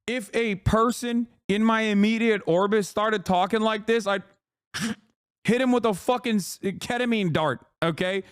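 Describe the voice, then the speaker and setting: High-pitched man ranting on a stream. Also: no room sound, clean studio sound. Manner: animated, profane, mocking rant with frequent laughs. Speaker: streamer reacting to videos. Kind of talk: casual livestream reaction commentary.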